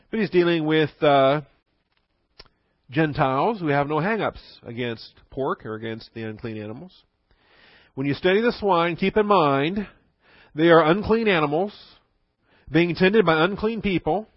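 A pastor with a fairly high-pitched voice leads a laid-back Bible study sermon, frequently joking and chuckling as he talks. There's no echo, but the high frequencies are cut off.

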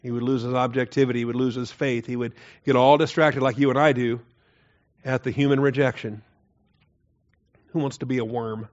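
A man teaching through Bible verses in an earnest, emphatic way, often dropping his voice low to stress a point. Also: fairly even intonation, a little fast, pauses often. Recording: dull lo-fi recording.

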